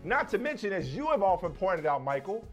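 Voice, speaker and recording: High, lively-voiced man in casual sports chat. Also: a little fast, soft background music. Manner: animated, slangy, emphatic. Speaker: sports podcast co-host.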